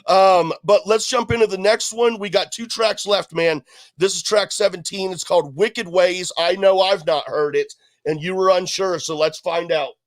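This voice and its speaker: A man's voice: high voice, steady tone, normal speed, no echo. A man co-hosting a podcast, chatting loosely about an album with plenty of fillers. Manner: loose, rambling, fillers and restarts. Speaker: podcast co-host. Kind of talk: casual album review chat.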